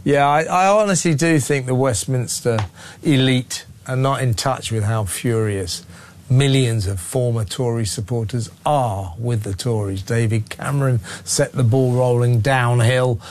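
A man's voice: mid-range voice, measured pace, a little mellow, slight background noise. Man, talk radio host, blunt, opinionated, phone-in show. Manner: blunt, opinionated, rising to heated.

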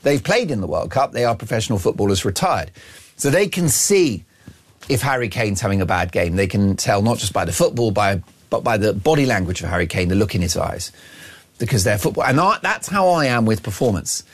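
A brash male radio host riffs through a mocking opinion monologue. His pitch swings widely as he jokes and boasts about himself, talking straight to his listeners from the studio. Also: big pitch swings, fairly quick, breathy edge. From Ireland. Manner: brash, mocking, self-aggrandizing banter.

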